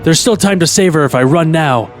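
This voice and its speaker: A man voicing a cocky male superhero doctor in a comedic script reading, with low, brash deadpan bravado. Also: a little fast, music in the background, close to an everyday voice.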